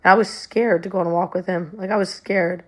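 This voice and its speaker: A woman's voice: on the low side, steady tone, fast talker. A young woman telling a personal story in a conversational way, with many ums and likes, her voice sounding emotional and near tears.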